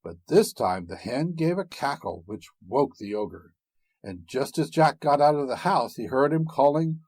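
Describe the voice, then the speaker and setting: A man narrating a fairy tale, expressive and dramatic in an unhurried way. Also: medium pitch, dry recording. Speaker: storyteller.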